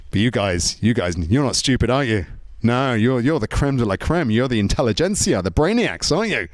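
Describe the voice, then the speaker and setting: Male stand-up comic, animated swooping delivery, chatty with lots of tag questions, dry close sound. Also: mid-range voice, fairly quick, no echo. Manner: chatty, leans on tag questions, frequent stammered restarts. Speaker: stand-up comedian. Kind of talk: stand-up comedy routine.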